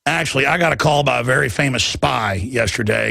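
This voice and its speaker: Brief: gravelly, bright-voiced man, talk radio host, stammers and restarts. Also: medium pitch, a little fast, hardly any pauses, no room sound, clean studio sound.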